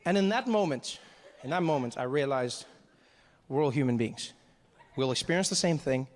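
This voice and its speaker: A man doing a stand-up comedy set, telling an animated story and jumping into character voices. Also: mid-range voice, normal speed.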